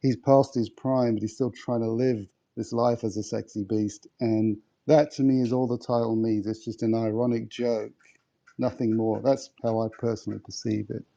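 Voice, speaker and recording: An English man on a podcast panel, calmly explaining his own theory in casual discussion. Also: medium pitch, moderate pace, gravelly, muffled recording. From England.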